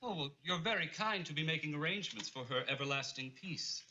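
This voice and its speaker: Brief: a slick, fake-tolerant mortician, slightly raised pitch, hissy old TV sound. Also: male voice, lively intonation, fairly quick, bright, forceful tone, dull audio. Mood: unctuous. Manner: unctuous, falsely polite. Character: smooth, callous male mortician feigning tolerance. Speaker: sitcom character. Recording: old TV audio with hiss.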